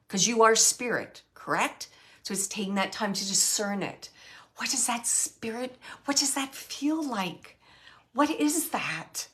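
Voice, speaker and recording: A woman's voice: medium pitch, fairly bright tone. A middle-aged woman hosting a casual live chat as a medium, rambling and correcting herself as she reassures viewers.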